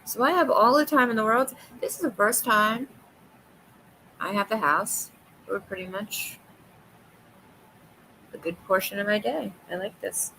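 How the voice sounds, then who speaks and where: A woman hosting a casual livestream chat with viewers, talkative and quick to laugh, often restarting her sentences. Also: mid-range voice, gravelly, bright, forceful tone, a little hiss or hum, low-quality recording. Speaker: livestream host.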